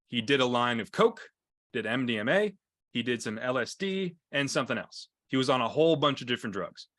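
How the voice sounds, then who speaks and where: Over a video call, a male EMT instructor mixes teaching with stories, speaking casually with plenty of fillers and false starts. The medium-pitched voice sounds pushed and bright, and the recording is dry.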